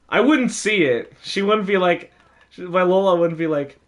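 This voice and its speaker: A young man casually telling a story, animated, with frequent laughs and lots of fillers. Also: sits high, a little slow.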